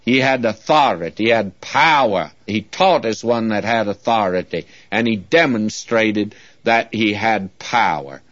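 A man's voice: on the low side, unhurried, fairly bright tone, no echo. A man preaching a sermon as a Bible teacher, earnest and folksy, often calling his listeners friends. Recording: dull lo-fi dry recording.

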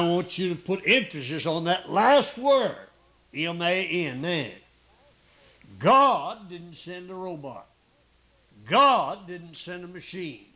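Male preacher in the pulpit, folksy and repetitive, voice sits a bit high. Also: a bit bright. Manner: folksy, with frequent "uh" pauses and repeated emphasis. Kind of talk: sermon.

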